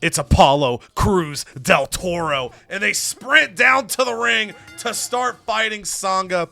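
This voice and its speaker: A young adult man hosting and narrating a wrestling game playthrough as an animated storyteller. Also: high voice. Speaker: gaming host.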